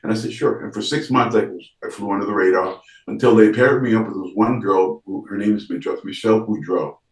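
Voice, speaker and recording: Low-voiced man telling a story, echoey room. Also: a little fast, distant mic. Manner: animated storyteller, acts out quoted dialogue, frequent restarts. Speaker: actor, interview guest. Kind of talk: storytelling in casual interview.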